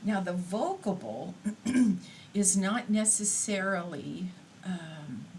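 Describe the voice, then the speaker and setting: A woman giving a recorded lecture in an unhurried, explanatory way, pausing on fillers now and then. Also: medium pitch, expressive, darkish tone, a little hiss or hum, rough recording.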